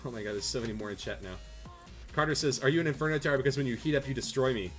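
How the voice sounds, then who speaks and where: Racing along in a mid-range voice over soft background music, a Canadian tournament caster reads viewer jokes and commentates matches playfully, poking fun at himself during casual livestream chat.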